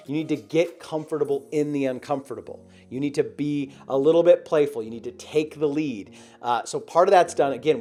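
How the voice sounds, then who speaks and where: A man's voice: on the high side, darkish tone. A man teaching as a sales coach, talking energetically and leaning hard on key words, often checking in with "right?". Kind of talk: instructional video talk.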